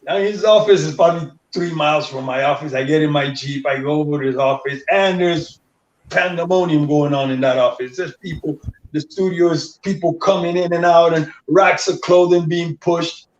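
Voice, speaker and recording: A man from Panama telling stories as a guest in an interview, animated and acting out what other people said. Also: fairly high pitch, normal speed. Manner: animated storyteller who acts out others' dialogue. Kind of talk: casual storytelling interview. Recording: distant mic, dull lo-fi sound.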